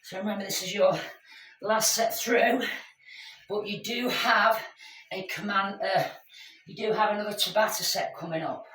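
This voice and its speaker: A woman's voice: mid-range voice, normal speed, pauses often, fairly bright tone, slight background noise. A woman leading a live workout class, chatty and encouraging as she calls out exercises to her group. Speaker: fitness instructor. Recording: echoey room, mic at a distance.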